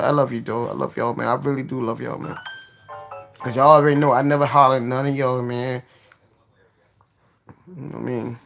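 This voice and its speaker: Male livestream host, gravelly and husky, profane and excitable, lively pitch. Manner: profane, excitable, jumps between mumbling and yelling. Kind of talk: casual livestream rant to viewers.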